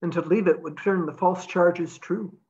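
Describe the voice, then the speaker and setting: A woman reading aloud, voicing a stubborn man who speaks calmly and firmly. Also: on the low side, moderate pace, dull audio, close to an everyday voice. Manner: calm, stubborn. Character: stubborn man, steady soldier.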